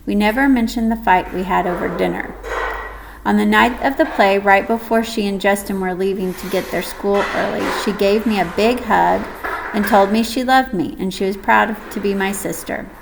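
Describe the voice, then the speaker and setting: A woman reading a first-person audiobook story in a gentle, measured way. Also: medium pitch, creaky, noisy background. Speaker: audiobook narrator.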